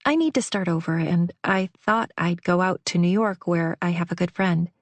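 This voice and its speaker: A woman's voice: fairly low pitch, moderate pace, no room sound. Woman voicing a polite, shy young woman. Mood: earnest. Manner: earnest, polite.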